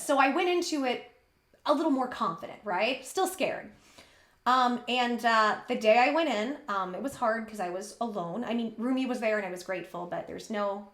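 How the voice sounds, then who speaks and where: A woman's voice: on the high side, animated, moderate pace, fairly bright tone, reverberant. A woman vlogger candidly retelling a personal story in a rambling, emotional way.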